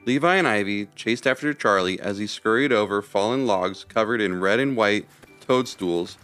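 A man's voice: fairly low pitch, moderate pace, a bit bright, clear, resonant tone, soft background music. A man co-narrating a children's story, with light teasing banter with his co-host.

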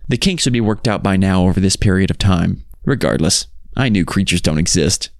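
Male narrator, very low voice, dry close sound, somber horror reading. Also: expressive, brisk, creaky, no room sound. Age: 60s. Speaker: story narrator. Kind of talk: scripted narration of a horror story.

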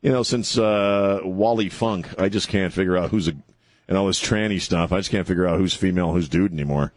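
A man's voice: low voice, a little fast, no echo. Sarcastic male talk radio host. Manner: sarcastic, mocking, chatty.

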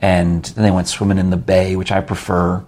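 A man's voice: low voice, completely flat delivery, a little fast, a little mellow. An older man hosting a casual chat show, chatty and jokey, rambling into asides. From New York. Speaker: podcast host.

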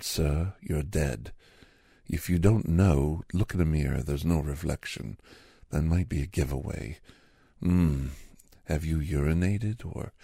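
A man doing a satirical character monologue in a sarcastic, mock-cheerful, rambling way with hushed asides. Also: a bass voice, gravelly, breathy edge, no echo, studio quality.

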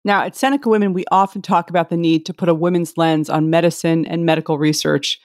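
A woman hosting an interview, asking scripted questions in a polished, measured way. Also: fairly low pitch, fairly even intonation, a little mellow, no room sound, clean studio sound. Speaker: podcast host.

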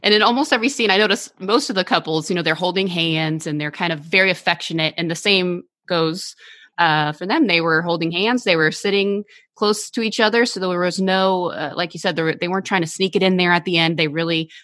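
A woman's voice: lowish voice, a little fast, no room sound, clean studio sound. A woman co-hosting an interview, chatting casually and gushing about a scene. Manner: warm, gushing, laughs easily. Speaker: co-host.

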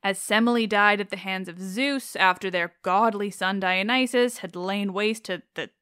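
Smooth-voiced woman presenting mythology. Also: mid-range voice, a bit bright, no room sound, clean studio sound. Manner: openly enthusiastic, affectionate about her subject. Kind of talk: informal mythology retelling.

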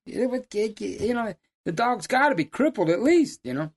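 Older man with a drawl, a raised pitch and a lively yarn-spinner's delivery. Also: fairly quick, slightly rough. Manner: folksy, animated storyteller who laughs at his own stories. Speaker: lion hunting guide. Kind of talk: casual storytelling.

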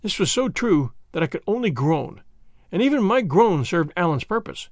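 A man narrating a classic novel in a measured, expressive storytelling manner into a close studio mic. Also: high-pitched, no echo. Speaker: audiobook narrator.

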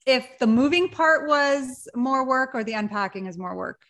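A woman's voice: sits high, lively intonation, moderate pace, fairly bright tone. A woman from Canada, a podcast guest, chatting in a giggly, upbeat way. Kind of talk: casual interview chat.

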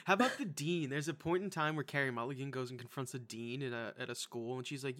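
A podcast co-host reviewing movies talks fast in a mid-range, slightly bright voice. In a casual chat, he's blunt, profane, and enthusiastic.

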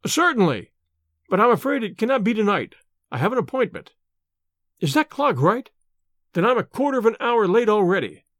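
A man's voice: high-pitched, sing-song, normal speed, long pauses, a bit bright, no room sound, studio quality, pitched above the performer's own voice. A man voicing a nervous young student who stammers and hurries his words evasively, in an audiobook reading. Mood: flustered.

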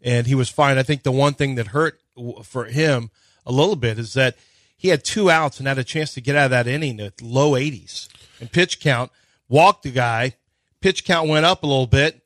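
A man co-hosting sports radio, breaking down pitching in an analytical way. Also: a bit bright, dry recording. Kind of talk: casual sports talk.

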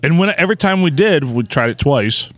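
Animated, laughing man in his forties. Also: fairly high pitch, a little fast. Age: 40s. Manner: rambling, laughing storyteller. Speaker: podcast co-host. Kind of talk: crude casual chat.

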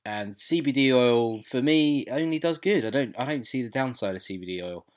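A man with a British accent, co-hosting a casual podcast, animated and opinionated, with the odd swear. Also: medium pitch, normal speed. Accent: British English. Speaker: podcast co-host. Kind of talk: casual chat.

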